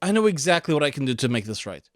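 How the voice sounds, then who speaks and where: A man voicing a horny slacker teenage boy in a parody anime recap, low and grumbling. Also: very fast, no room sound, clean studio sound. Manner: lower, flat and grumbling.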